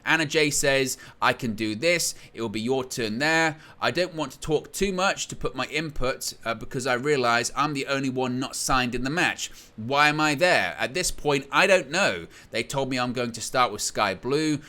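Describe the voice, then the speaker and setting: A man hosts a wrestling news commentary, his voice bright and pushing forward at a middle pitch. He reads interview quotes aloud with lively, storytelling emphasis. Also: moderate pace, hardly any pauses.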